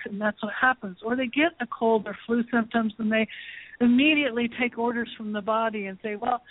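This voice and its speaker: A woman's voice: a little high, fairly even intonation, brisk, no echo. A woman host who drives her points home with emphatic, preacher-like rhythm, often asking questions and answering them herself. Her voice is thin and tinny, as if heard over a phone line, with a dry, close sound. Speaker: talk show host. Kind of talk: spiritual talk show hosting.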